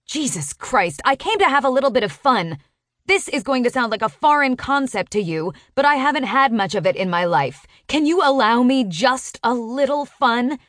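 A woman narrating a first-person romance audiobook in an expressive, sharp-tongued storytelling manner. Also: sits high, moderate pace, no room sound, studio quality.

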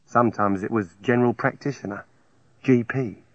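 Man, husky voice, first-person audiobook narration, plain confessional telling, dry close sound, dull recording. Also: lowish voice, animated, moderate pace, dry recording.

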